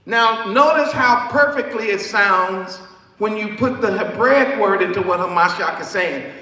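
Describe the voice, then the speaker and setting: A man preaching a sermon in an emphatic, repetitive way that rises to shouts. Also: high voice, a little slow. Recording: echoey hall, far from the mic.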